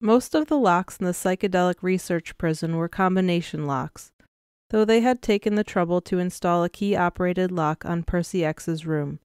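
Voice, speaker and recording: A woman reads an audiobook in a measured, even storytelling manner. Her voice is smooth and clear and sits a little low, and the recording is dry and close. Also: no room sound. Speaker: narrator. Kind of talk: scripted audiobook narration.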